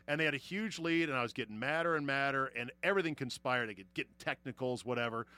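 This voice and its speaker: A man hosting a casual sports chat who tells lively stories, swears freely and laughs often. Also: medium pitch, fast talker, no room sound. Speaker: podcast host.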